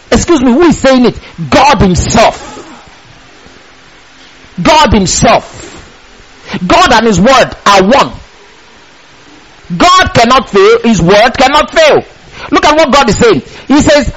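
A man preaching a sermon, reading scripture slowly and with emphasis, then breaking into passionate shouts. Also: extremely high pitch, big pitch swings, a little hiss or hum, rough recording. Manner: impassioned, rising to shouts on key lines.

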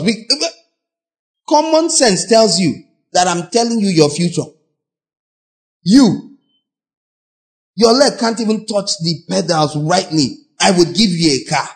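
Animated Nigerian preacher, high voice. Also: male voice, moderate pace, long pauses. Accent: Nigerian English. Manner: animated, acts out voices and mocks, sudden shouts. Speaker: pastor. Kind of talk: sermon.

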